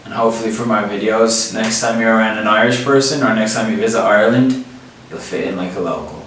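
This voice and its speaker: A man's voice: lowish voice, fast, a bit bright, a little hiss or hum. A man co-hosting a casual vlog, chiming in with laid-back examples. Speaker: vlog co-host. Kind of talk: casual chat. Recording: echoey room, mic far off.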